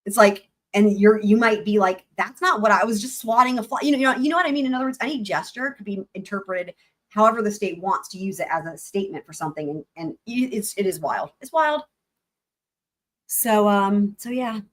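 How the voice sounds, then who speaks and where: A woman's voice: mid-range voice, animated, a little fast. A woman hosting a livestream, chatting casually and animatedly about legal points and swearing now and then. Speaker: livestream host.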